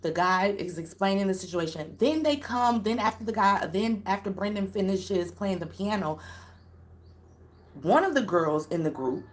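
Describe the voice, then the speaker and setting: A woman's voice: mid-range voice, expressive, normal speed. A woman giving casual live-stream commentary, speaking emphatically, repeating her points and talking straight to her viewers. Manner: addresses viewers directly.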